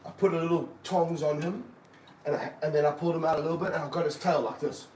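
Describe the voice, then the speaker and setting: Animated man in an echoey snake room. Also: fast. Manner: animated, excited bursts, then low and muttering. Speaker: snake keeper. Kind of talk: live-stream chat while handling a snake. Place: room of snake enclosures, indoors. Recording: roomy, from a distance, faint background hum.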